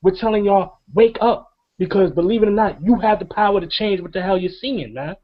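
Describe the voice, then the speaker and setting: Impassioned high-voiced man ranting. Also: a little fast. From New York. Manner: emphatic, profane, preaching. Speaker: co-host of a wrestling review show. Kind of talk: impassioned rant. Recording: dull lo-fi sound.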